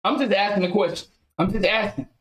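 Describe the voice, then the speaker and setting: A man's voice: sits high, fairly quick, a bit bright, echoey room, low-quality recording. A man hosting a casual podcast, talking in an emphatic, riled-up way. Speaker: podcast host.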